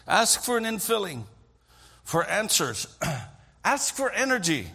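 Gravelly, husky man preaching. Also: high voice, sing-song, slow, pauses often, pushed and bright. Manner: frequent throat clearing, earnest storytelling. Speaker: pastor. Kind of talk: sermon with storytelling.

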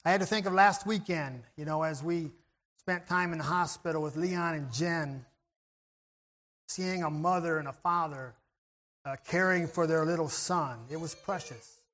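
Male preacher, higher register, gentle and reflective, clears throat often, restarts phrases. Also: moderate pace. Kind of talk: sermon.

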